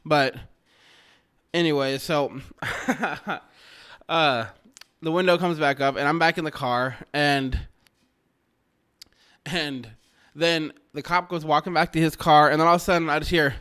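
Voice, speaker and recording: Bright, crisp-voiced man telling a story. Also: on the high side, unhurried, long pauses. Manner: rambling, profane, self-mocking, gets loud and excited. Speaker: vlogger telling a personal story. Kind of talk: casual storytelling.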